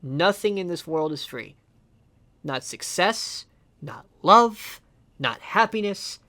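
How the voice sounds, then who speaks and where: A man's voice: sits high, lively intonation, slow pace, bright, forceful tone. Young man, music reactor, casual commentary, passionate, profane, rambling, emotional. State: emotional, near tears.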